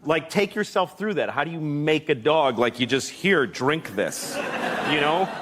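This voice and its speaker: Animated, self-mocking comic storyteller, a man. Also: on the high side, normal speed, slight background noise. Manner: animated, self-mocking, laughs while talking. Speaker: comedian, talk show guest. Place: TV talk show studio.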